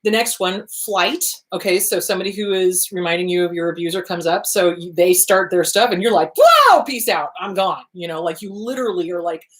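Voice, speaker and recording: A middle-aged woman therapist hosting her show, explaining trauma responses in an animated, chatty way with frequent asides. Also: fairly low pitch, fairly quick, few pauses. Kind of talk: casual educational talk.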